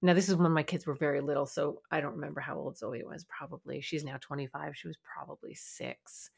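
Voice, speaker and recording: Lowish-voiced woman parenting podcast host. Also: a little fast, vocal fry, slightly rough. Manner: conversational, animated storytelling with light laughs. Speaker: podcast host, child and family therapist. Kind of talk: solo podcast talk.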